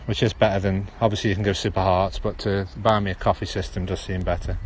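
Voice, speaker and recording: This chatty livestream host from Stoke-on-Trent, England, talks fast in a low, level voice during a casual walking stream through an outdoor town park. He rambles and drops his H's in a Potteries accent, filmed on a handheld phone with a little hiss or hum.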